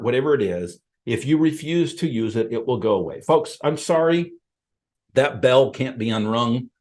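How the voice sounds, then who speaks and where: A middle-aged man talks straight to his listeners in a casual podcast monologue. His pitch rises and falls a lot as he leans hard on key points, and he keeps calling his audience folks. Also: darkish tone. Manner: emphatic, conversational, addresses listeners as folks. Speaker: podcast host and appraiser coach.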